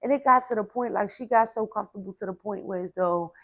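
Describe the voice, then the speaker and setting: A woman's voice: mid-range voice, fast talker, no echo. A woman casually telling a personal story from her childhood in a chatty way, full of "like" and "baby", venting her frustration. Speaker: storyteller sharing a personal testimony.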